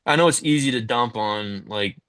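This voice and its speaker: A man's voice: medium pitch, normal speed, smooth. A man, a musical theater actor, telling backstage stories in a casual interview with lots of energy and acted-out quotes. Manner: animated storyteller, acts out quotes, says "man" and "like".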